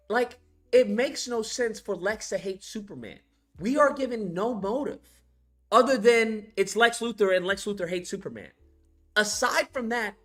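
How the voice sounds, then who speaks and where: A man's voice: high voice, normal speed, faint music behind. A man casually recapping a film scene by scene, swearing a lot and acting out the characters as he goes. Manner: profane, animated, retells scenes by acting them out. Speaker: film reviewer.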